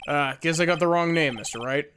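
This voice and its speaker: A woman voicing a blunt, gruff male police detective who keeps calling people pal, over game music. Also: low-pitched, brisk, a bit bright, slight background noise.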